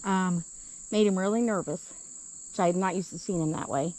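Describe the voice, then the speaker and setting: A woman's voice: on the low side, fairly quick, dark tone, rough recording. A woman vlogger telling a story outdoors in the woods by a truck, casual and hesitant, with lots of ums. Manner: hesitant, with many ums and uhs.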